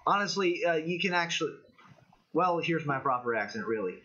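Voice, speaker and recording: On a casual political livestream, a young Californian-accented American man shares opinions and answers chat in a rambling way. His fairly high, lively voice moves at normal speed, pushed and bright, with a little hiss or hum over dull lo-fi sound.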